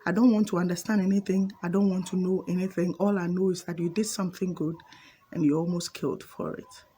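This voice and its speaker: A woman voicing a clever, cunning tortoise in a spoken fable, calm and slyly questioning. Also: on the low side, fairly quick, a little hiss or hum, natural voice.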